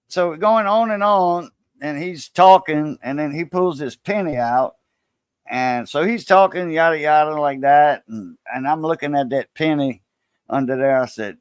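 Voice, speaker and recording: A man's voice: fairly high pitch, slow, long pauses, smooth, dry recording. A man with a Cajun Louisiana accent, hosting a casual coin-collecting live stream and animatedly telling stories, acting out other people's voices. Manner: animated storyteller, acts out quoted voices. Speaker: coin-collecting channel host.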